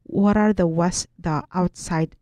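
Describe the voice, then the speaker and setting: A woman's voice: fairly low pitch, fairly even intonation, measured pace, warm tone, dry recording. A woman being interviewed as a guest, explaining her teachings earnestly and often restarting her sentences. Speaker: guest, writer and spiritual workshop teacher.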